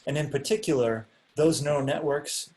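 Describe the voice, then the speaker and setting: A man's voice: a little high, normal speed, darkish tone, a little hiss or hum. A young man teaching a class over a video call, speaking casually with many ums and restarts.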